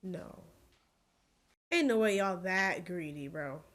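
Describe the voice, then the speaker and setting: A woman giving casual, excitable commentary while reacting to a film, often exclaiming. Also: lowish voice, slow. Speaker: movie reaction creator.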